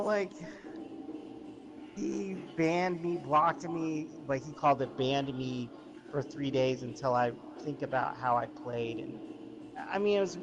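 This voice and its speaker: A man's voice: fairly high pitch, dull audio. A man livestreaming, telling long rambling stories in a casual chat full of fillers and restarts.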